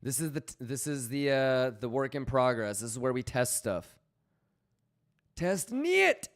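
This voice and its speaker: The man running this live stream has a medium pitch, fairly even intonation and a moderate pace. Chatting casually, he swears and jokes freely, reads out chat messages, and calls out viewers by name in an excited way.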